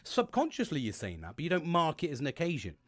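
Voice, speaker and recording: Animated, swearing bloke. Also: male voice, on the high side, quick pace. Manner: rambling, heavy swearing. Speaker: self-help vlogger. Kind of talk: casual monologue to camera. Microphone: plug-in mic.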